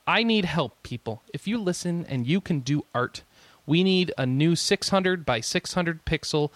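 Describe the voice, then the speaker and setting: Dry-sounding, higher-voiced male podcast host. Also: fairly bright tone, no echo. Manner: rambling, chuckles often, jokey asides. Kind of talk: casual podcast chat.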